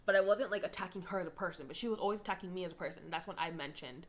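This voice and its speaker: Young woman rambling through a storytime, kinda low voice, lots of side comments. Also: rapid-fire. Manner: chatty, rambling, with frequent asides; gets louder and higher when indignant. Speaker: vlogger telling a story. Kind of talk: casual storytime chat.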